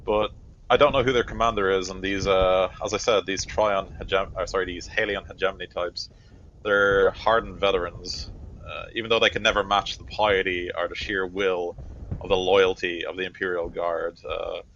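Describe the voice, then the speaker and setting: A man voicing a stern male army captain who gives orders in measured phrases broken by frequent pauses. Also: low-pitched, little pitch movement, a bit bright, muffled recording, a little hiss or hum. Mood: grave.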